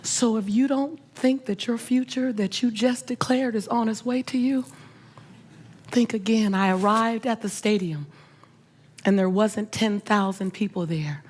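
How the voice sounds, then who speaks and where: A middle-aged woman with a mid-range voice tells a personal story to an audience as a motivational speaker. Her delivery is animated and emphatic, and she leans on repeated phrases for effect. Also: medium pitch, unhurried. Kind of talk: emotional storytelling talk.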